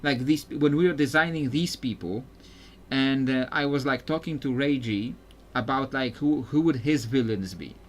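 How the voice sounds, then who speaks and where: A man's voice: mid-range voice, normal speed, a little hiss or hum. Rambling male game streamer. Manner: rambling, self-interrupting, chuckling. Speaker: gameplay streamer. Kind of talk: casual gameplay commentary.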